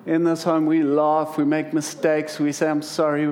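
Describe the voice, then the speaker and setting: A man's voice: fairly high pitch, monotone, normal speed, hardly any pauses, darkish tone. A middle-aged man preaching to a congregation, telling humorous stories about family life. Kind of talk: sermon.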